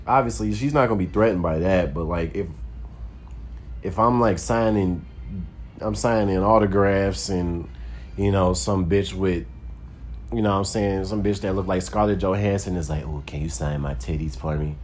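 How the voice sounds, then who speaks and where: A man's voice: sits low, steady tone, normal speed, slight background noise. A man, a stand-up comedian, telling a loose, rambling story in casual talk full of profanity and "like".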